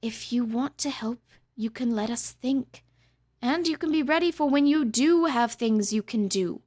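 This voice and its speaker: A woman's voice: a little high, a little slow, mellow. A woman voicing a stern, weary queen mother who talks firmly and curtly. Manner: firm, curt, dismissive.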